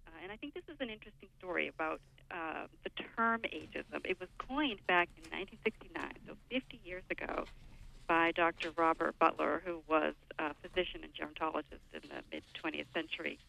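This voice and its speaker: A woman's voice: deep voice, brisk, gravelly, pushed and bright. An older woman, a radio show guest, explaining at length in a thoughtful, lecturing way. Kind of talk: radio interview. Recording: phone line, lo-fi.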